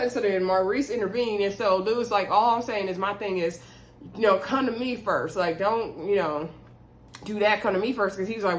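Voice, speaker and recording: A woman's voice: mid-range voice, normal speed, poor audio. A woman casually recapping a reality TV episode to camera, retelling the scenes and acting out the cast's lines while talking to her viewers as "y'all".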